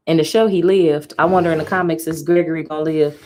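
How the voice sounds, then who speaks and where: A woman with a fairly low voice reacts live as she reads a comic to her stream. She exclaims and swears freely, talks straight to her viewers, and reads the characters' lines aloud between her own comments. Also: fairly even intonation, fast talker, a little mellow. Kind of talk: casual live reading and reaction.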